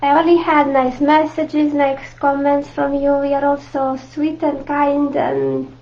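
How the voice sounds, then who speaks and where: A woman from Italy with an Italian accent, teaching a live online painting class and chatting warmly with viewers. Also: high-pitched, level tone, unhurried. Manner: chatty, warm asides to viewers, frequent laughs. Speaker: art teacher. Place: home art room. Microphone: camera mic at close range. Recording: dull lo-fi livestream audio.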